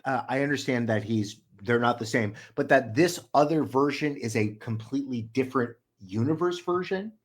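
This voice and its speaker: A young man co-hosting a podcast, mostly asking questions in a quick, relaxed, casual way. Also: mid-range voice. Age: young adult. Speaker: podcast co-host.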